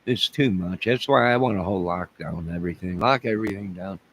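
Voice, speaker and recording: A man hosting a rambling, joking livestream, answering his chat by name, swinging from loud outbursts to low mutters. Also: a little fast, slight background noise, rough recording. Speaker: livestream crime-case commentator.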